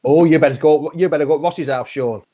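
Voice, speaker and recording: A man's voice: on the high side, quick pace, warm tone. A man hosting a live football fan chat show, chatty and friendly, tagging questions onto his remarks. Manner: chatty, friendly, asks many tag questions.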